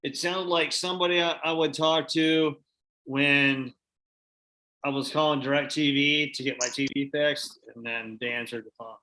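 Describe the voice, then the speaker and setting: A man's voice: a little high, fairly even intonation, measured pace, bright, forceful tone. A man chatting easily as a guest in a live stream and offering friendly advice. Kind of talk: casual live-stream chat.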